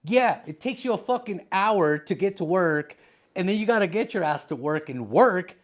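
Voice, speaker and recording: A man's voice: high voice, lively intonation, moderate pace. A man co-hosting a comedy podcast, telling crude stories with lots of swearing and laughter. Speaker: podcast co-host.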